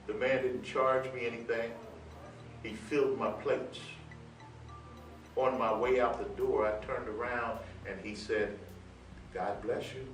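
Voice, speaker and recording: A man's voice: mid-range voice, steady tone, a little slow, pauses often. A man preaches a testimony, telling his story with quoted dialogue before building to bold scripture declarations. He is heard from a distance in a roomy church with music playing faintly underneath. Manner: storytelling, swelling to loud proclamation. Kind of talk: sermon testimony. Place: church sanctuary. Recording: roomy sound from far off with music.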